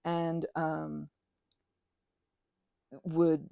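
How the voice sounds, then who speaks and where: Chatty woman with gravelly voice. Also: fairly low pitch, animated, normal speed, dry recording. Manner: chatty, self-interrupting, giggly, drifts into soft whispers. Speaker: channel host. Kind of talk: casual rambling while pressing flowers.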